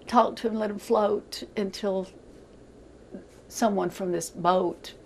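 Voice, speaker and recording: Older woman, gravelly, halting speech, news interviewee, faint background noise. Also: medium pitch, darkish tone, poor audio. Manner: halting, repeats words while recounting.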